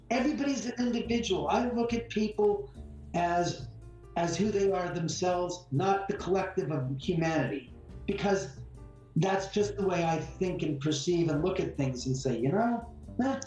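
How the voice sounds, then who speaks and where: Rambling man, echoey and distant. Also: sits high. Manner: rambling, animated, repeats words, mild swearing. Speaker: homeowner guest. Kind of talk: casual storytelling interview. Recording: echoey room from far off, faint music.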